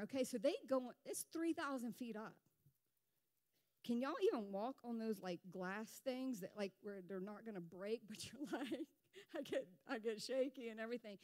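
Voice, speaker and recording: A woman pastor preaching a sermon in a lively, conversational way, full of rhetorical questions. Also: fairly high pitch. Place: church sanctuary.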